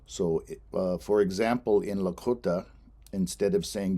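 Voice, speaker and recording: Man teaching a language lesson, very low voice, mellow tone, patient, repeats words. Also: slightly rough. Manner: slow, patient explaining with fillers, repeats words for pronunciation. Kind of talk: instructional lesson narration.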